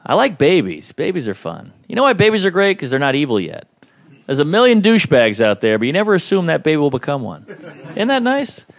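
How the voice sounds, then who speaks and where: A man performing a stand-up comedy set, with punchy joke delivery that jumps into high-pitched character voices. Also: wildly swooping pitch, brisk.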